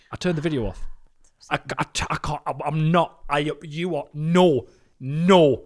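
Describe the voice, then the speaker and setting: A British man co-hosting a podcast, telling stories in a casual, sweary, animated way. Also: fairly high pitch, fairly quick, dry recording, studio quality. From Britain. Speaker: podcast co-host. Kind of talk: casual chat.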